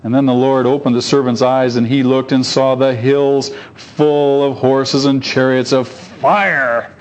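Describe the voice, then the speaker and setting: A man's voice: mid-range voice, a little slow, slight background noise. A man preaching a sermon, telling stories with acted-out voices and asking rhetorical questions. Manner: animated storytelling, acts out voices, rhetorical questions. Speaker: pastor. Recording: dull lo-fi sound.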